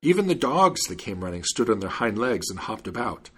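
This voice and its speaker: A man hosting a podcast, reading a fairy tale aloud in an expressive, animated way. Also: lowish voice, a little fast, husky. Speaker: podcast host and storyteller. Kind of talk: scripted narration of a fairy tale.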